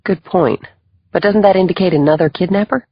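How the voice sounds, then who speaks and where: A man voicing a sharp, furious female federal agent. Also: high voice, brisk, slightly rough, dry recording, lo-fi sound, voice pushed up. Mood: urgent. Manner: sharp, exasperated. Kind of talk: audiobook character voice.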